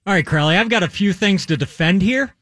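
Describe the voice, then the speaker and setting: A man from Maryland, co-hosting, emphatic and animated in casual banter. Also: high voice, a little fast, no room sound, studio quality. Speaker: co-host. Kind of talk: casual sports talk banter.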